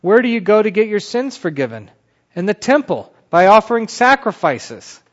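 Man acting out scandalized old-time scholars, indignant, incredulous, raised voice, higher than his usual, dull lo-fi sound. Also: very animated, moderate pace. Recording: dull lo-fi recording.

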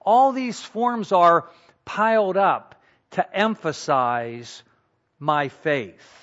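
Slow, deliberate preaching man. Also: high voice, a bit bright, lo-fi sound. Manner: slow, deliberate teaching with emphatic repetition. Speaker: pastor. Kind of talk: sermon.

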